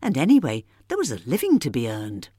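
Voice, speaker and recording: Woman narrating in a lively, dry voice. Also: extremely low pitch, a little fast, no echo. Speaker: presenter. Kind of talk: scripted narration.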